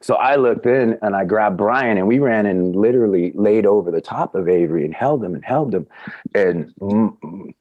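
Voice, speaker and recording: A middle-aged man, a podcast guest, tells a casual anecdote, acting out quotes with big jumps in pitch. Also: normal speed, no room sound, phone-quality sound.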